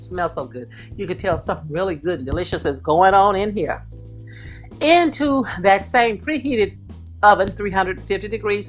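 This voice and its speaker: A woman hosting her own cooking video from her home kitchen, talking to viewers with folksy, exclaiming enthusiasm. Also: on the low side. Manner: warm folksy enthusiasm, exclaiming over the food. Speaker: cooking channel host. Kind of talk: casual cooking video chat.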